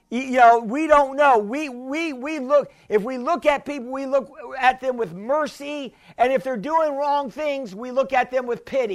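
A man's voice: very high-pitched, fairly bright tone. A male pastor preaching a sermon, emphatic and repetitive, often calling out for an amen.

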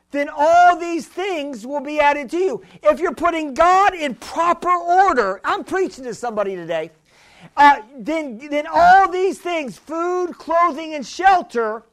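A preacher with a very high, fairly bright voice delivers a fervent sermon. He repeats key phrases and calls out to the congregation for a response.

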